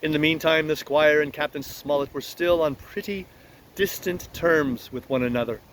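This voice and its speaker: A man reading a classic novel aloud at an unhurried pace, now and then adding a casual aside. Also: a little high, fairly bright tone, slight background noise. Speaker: audiobook reader.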